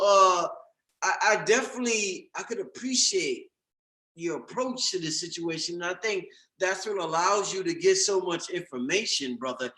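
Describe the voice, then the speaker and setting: A man hosting a casual interview, talking in a relaxed, slangy way with frequent restarts. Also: fairly high pitch, roomy sound, rough recording. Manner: laid-back, slangy, stumbling restarts. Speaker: interview host.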